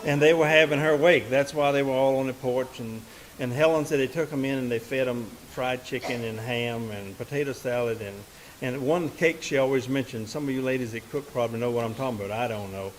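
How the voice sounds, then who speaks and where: A man's voice: medium pitch, fairly quick, hardly any pauses, poor audio. A man with a drawl tells a story from a live music stage, speaking into a stage microphone. His voice sits in an ordinary middle register. His telling is loose and folksy, full of small restarts, and a light hiss runs under the recording. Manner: folksy, rambling, with many "and, uh" restarts. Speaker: musician and bandleader. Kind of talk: onstage storytelling to a live audience.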